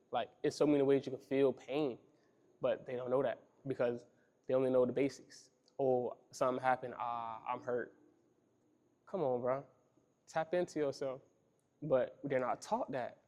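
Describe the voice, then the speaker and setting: A man's voice: medium pitch, darkish tone. A young man hosting a podcast, speaking earnestly and casually about men's feelings, often repeating himself and calling the listener "bro". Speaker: podcast host. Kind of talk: reflective monologue on men's feelings.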